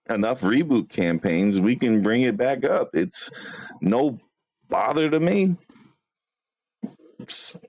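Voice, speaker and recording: A man's voice: medium pitch, dry recording. A man hosting a livestream, talking casually and brashly to chat, trash-talking a rival and laughing often. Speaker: livestream host.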